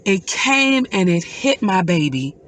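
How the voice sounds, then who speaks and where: A middle-aged woman, a mother, telling a personal story in an earnest, emotional way with pauses. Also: medium pitch, big pitch swings, fairly bright tone. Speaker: mother recounting a dream.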